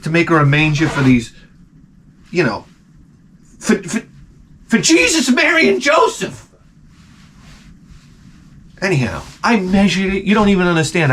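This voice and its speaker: A man's voice: fairly high pitch, slight background noise. A man sick with the flu, rambling through a casual, profane vlog as host. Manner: profane, rambling, animated storytelling. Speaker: YouTube host.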